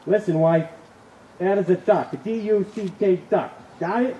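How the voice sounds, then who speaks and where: A man voicing an irritated young husband in a told story, loud, exasperated and emphatic, outdoors with insects and birds around. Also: sits high, normal speed, reverberant, far from the mic, dull audio, slight background noise, pitched above the performer's own voice, lightly acted. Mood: angry.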